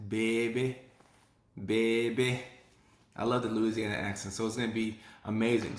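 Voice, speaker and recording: A man hosting a live stream, chatting upbeat and repeating phrases as he reads viewer comments. His voice sits in a middle pitch. The room around him gives it a noticeable echo. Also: a bit bright. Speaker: host.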